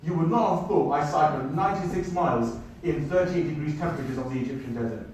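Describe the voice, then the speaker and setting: A man telling a travel story to an audience in an animated way, speaking to them directly. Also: a little high, fast talker, a little hiss or hum. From United Kingdom. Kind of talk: storytelling talk. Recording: echoey hall, mic at a distance.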